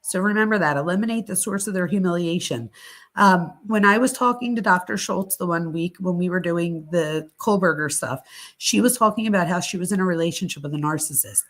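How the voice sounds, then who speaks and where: A woman's voice: on the low side, brisk, a bit bright. A middle-aged woman hosting a live psychology talk stream, speaking candidly and chattily with casual swearing. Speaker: host.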